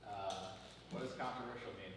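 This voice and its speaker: A man's voice: mid-range voice, fairly even intonation, a little fast, a bit bright, a little hiss or hum. A man who is a musician, answering a question hesitantly from the stage. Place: live performance hall. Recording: echoey hall, from far off.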